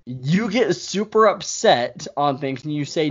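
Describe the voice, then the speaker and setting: A slightly high-voiced man chatting casually and ribbing his co-host. He tells his stories with animated energy. The audio sounds dull and lo-fi. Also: unhurried. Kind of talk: casual chat.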